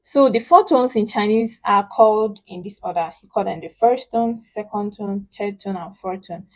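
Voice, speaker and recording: A woman's voice: mid-range voice, rough recording. A woman teaching a spoken Chinese lesson in English, patiently explaining and modeling sounds with emphasis. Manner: patient, emphatic, models syllables slowly and loudly. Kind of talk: online language lesson.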